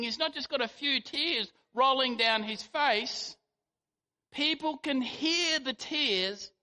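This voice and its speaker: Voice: medium pitch, bright, forceful tone. A preacher giving a sermon, telling the story animatedly and acting out quotes. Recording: long hall reverb.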